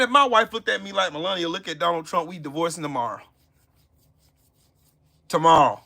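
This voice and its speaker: A man's voice: a little high, a little fast, gravelly, long pauses, pushed and bright. A man ranting on a livestream, profane and mocking, talking to his chat viewers by name. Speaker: political commentary livestream host. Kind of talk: casual livestream rant.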